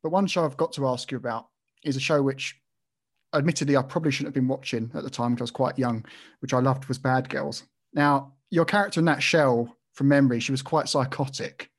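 Interview host, quick eager delivery, mid pitch. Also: fairly even intonation. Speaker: podcast host. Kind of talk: casual interview.

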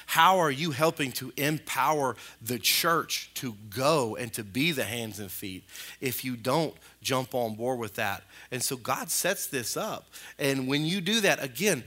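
Pastor, male, animated sermon delivery, ringing bright tone, mid-pitched. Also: measured pace. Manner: animated, jumps in pitch and loudness, colloquial asides. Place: church sanctuary.

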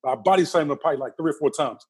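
Guy rattling off a wild story at speed, husky voice, kinda high, does all the voices himself. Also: very fast. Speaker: interview guest. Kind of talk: animated personal storytelling.

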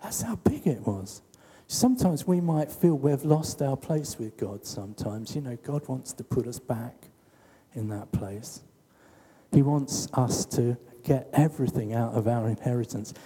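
Brief: man giving a chatty sermon, slow and lively in pitch, echoing hall. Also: breathy edge. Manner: conversational preaching with rhetorical questions. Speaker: preacher.

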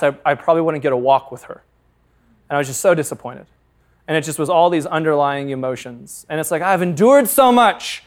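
A man in his thirties, a pastor, preaching a sermon through candid, humorous personal stories. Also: sits high. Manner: candid, humorous storytelling with frequent laughs.

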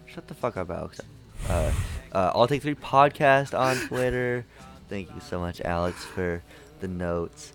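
A man's voice: low voice, animated, measured pace. A young man hosting a podcast in casual chat, rambling with lots of fillers and jokes. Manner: rambling, filler-heavy, jokey. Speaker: podcast host.

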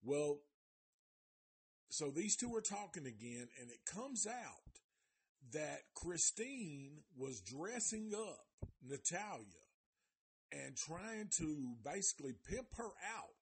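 A man with a fairly high, husky voice takes things slowly while hosting a live show that reviews a documentary series. Casual and profane, he retells the story with heavy slang and cursing, exaggerating the voices of the people in it.

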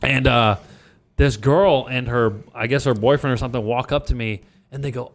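A man's voice: mid-range voice, steady tone, a little fast, gravelly. Young man, from Louisiana, loose rambling storyteller, heavy swearing, lots of fillers, everyday mid-range voice. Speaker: podcast guest comedian. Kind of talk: casual storytelling chat.

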